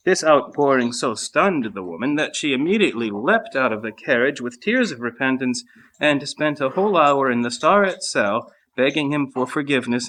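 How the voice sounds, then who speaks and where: Male reader for a monastery meal, steady measured reading of a saint's life, mid-range voice. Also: medium pitch. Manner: measured, even reading with small slips. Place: monastery refectory during a meal.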